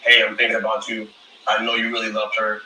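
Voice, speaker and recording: A man answering questions at a reunion, measured and defensive, heard from a distance in an echoey space. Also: lowish voice, monotone, pushed and bright, a little hiss or hum. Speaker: reality show contestant.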